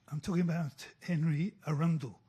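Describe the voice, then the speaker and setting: A man from Britain, a reporter asking a question at a press conference in a halting way with many fillers. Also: fairly high pitch, dark tone, husky.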